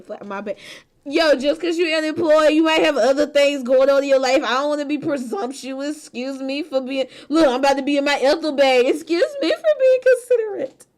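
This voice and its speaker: A woman's voice: sits high, darkish tone. A woman hosting a casual stream chat, laughing often, swearing freely and teasing her friends. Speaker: streamer host.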